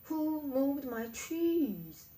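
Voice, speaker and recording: Woman shouting as a frantic little man. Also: sits high, sing-song, drawn-out words, far from the mic, pitched above the performer's own voice, heavily acted. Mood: outraged yelling. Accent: Korean. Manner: yelling in outrage. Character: small frantic man shouting over lost cheese.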